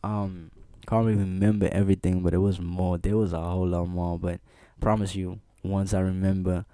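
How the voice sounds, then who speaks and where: A man spins a childhood story in loose, slangy chat, laughing as he goes and checking in with his listeners. His voice sits on the low side. It is recorded close and dry, with almost no room sound. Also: normal speed, smooth, no echo. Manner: animated, laughing, slangy, frequent "bro" and "see what I'm saying". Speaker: vlogger. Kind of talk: casual storytelling.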